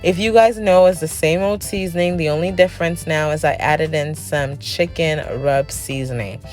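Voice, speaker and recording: Low-voiced chatty woman cooking vlogger. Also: normal speed, a little mellow, faint music behind. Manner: chatty, tags lines with "okay?" and "honey". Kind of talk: casual cooking voice-over.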